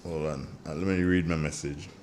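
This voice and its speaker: A middle-aged man with a Grenadian accent hosting a morning radio show, chatty and joking as he sends shout-outs to listeners. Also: extremely low pitch, fairly even intonation, moderate pace, slight background noise. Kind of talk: casual morning radio chat.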